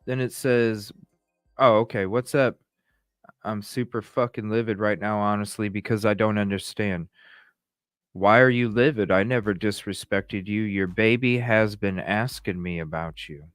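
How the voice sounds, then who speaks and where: A man's voice: on the low side, unhurried, no room sound, studio quality, faint music behind. A man hosting a podcast, reading text messages aloud and reacting with profane, incredulous commentary. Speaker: podcast host.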